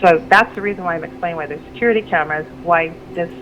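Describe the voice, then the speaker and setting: A middle-aged woman with a lowish voice talks rapid-fire as she relates a personal story on the radio. She wanders, begins sentences again, and livens up when quoting people. Background noise is noticeable on the lo-fi recording.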